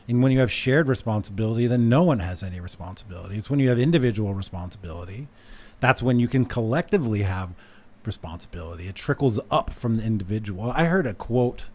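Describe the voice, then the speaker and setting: A man's voice: lowish voice, a little mellow. A man appearing as a guest on a casual panel discussion, speaking emphatically and building his points in lists.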